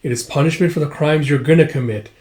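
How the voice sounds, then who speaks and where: A man playing a sinister, scarred villain in a comic read-aloud, calm, mocking and pleased with himself. He speaks slowly and theatrically, and his voice sits a little high for a man. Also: natural voice. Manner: slow, theatrical and self-satisfied. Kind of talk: dramatic reading of a comic.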